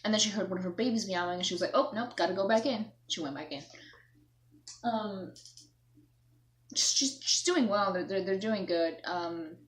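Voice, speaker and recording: A woman's voice: mid-range voice, expressive, moderate pace, long pauses, a bit bright. A young woman vlogging, telling a story in a rambling, self-mocking way, acting out herself and her mom. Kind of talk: casual storytelling to camera.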